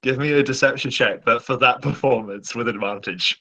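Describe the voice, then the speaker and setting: A man's voice: mid-range voice, moderate pace, pushed and bright. A man narrating scenes as game master, describing things with many fillers.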